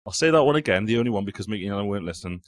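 A man's voice: fairly low pitch, lively intonation, racing. A man hosting a football quiz podcast in casual chat, reading out quotes and teasing the players. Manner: teasing, joking, reads quotes aloud and repeats them. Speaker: quiz host.

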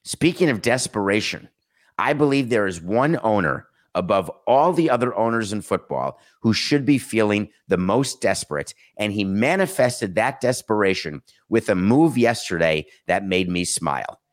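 A man's voice: fairly low pitch, expressive, normal speed. A middle-aged man hosting a sports talk show, commenting casually with sarcastic, mocking asides. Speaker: sports talk podcast host.

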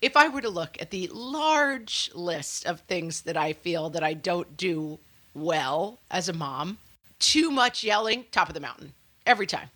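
Woman, 30s, co-host. Bright, lively delivery, playfully dramatic. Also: fairly low pitch, unhurried, no echo. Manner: wry, self-mocking, playfully dramatic. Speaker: podcast co-host. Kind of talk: casual chat.

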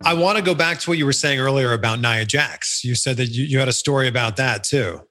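A man's voice: medium pitch, quick pace, music in the background. A man hosting a casual interview, asking follow-up questions and giving short reactions. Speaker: interview host.

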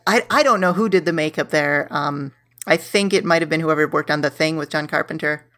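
A woman who is a podcast guest, telling an absurd comic story in a deadpan way and restarting her sentences often. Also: deep voice, brisk.

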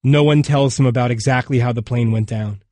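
A man narrates a documentary in a measured, somber voice at a middling pitch. The sound is close and dry, with no room around it. Each sentence is weighed and left to settle before the next one. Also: steady tone, warm tone, no room sound. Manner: measured, somber, unhurried delivery.

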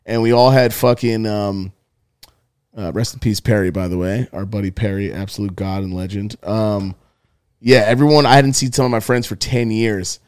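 A man's voice: lowish voice, fairly even intonation, a little mellow, clear, resonant tone, no echo. Swearing young man on a dry podcast mic. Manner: swearing, rambling, quick reactions. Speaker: podcast co-host. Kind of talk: casual chat.

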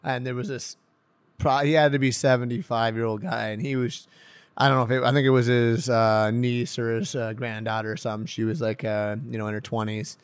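A young man, a professional hockey player, chatting casually in an interview, excitable and rambling, laughing often. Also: mid-range voice, brisk, clean tone, no echo. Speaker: pro hockey player guest.

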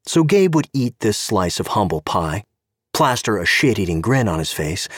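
Husky, low male story narrator. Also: no echo, clean studio sound. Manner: wry, expressive storytelling. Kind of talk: scripted audiobook narration.

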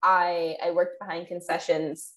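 A woman's voice: on the low side, measured pace. A young woman co-hosting a podcast, chatting casually, swearing and laughing as she tells stories. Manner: animated, swearing, laughing storyteller. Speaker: podcast co-host. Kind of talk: casual chat.

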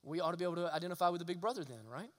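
A man's voice: fairly high pitch, lively intonation, racing, a bit bright. A man preaching a sermon as pastor, earnest and direct, often asking the listeners rhetorical questions. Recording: long hall reverb.

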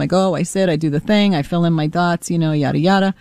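A woman's voice: fairly low pitch, quick pace, darkish tone, clean tone, no echo. A woman co-hosting a talk radio show who tells stories animatedly and acts out the dialogue. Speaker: radio co-host. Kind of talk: casual talk radio chat. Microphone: studio microphone.

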